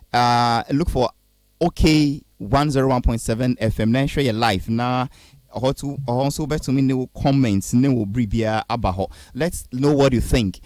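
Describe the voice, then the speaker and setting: A man with a Ghanaian accent hosting a radio talk show, reading listener comments and trying to calm his guest. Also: medium pitch, no room sound. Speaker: radio host.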